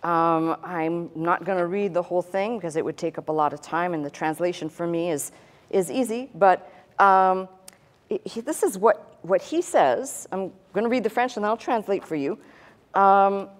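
Low-voiced woman pastor teaching a sermon. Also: normal speed. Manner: conversational teaching with asides and dry humor; demonstrates with a pen on a tablet.

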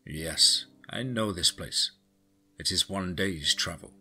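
A man doing a grim, deep-voiced beast tracker. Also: slow, pushed and bright, husky, faint music behind, heavily acted. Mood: grave.

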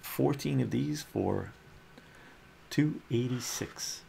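Slow, gravelly man reading comics softly. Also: medium pitch, slight background noise. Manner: soft, musing commentary. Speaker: host.

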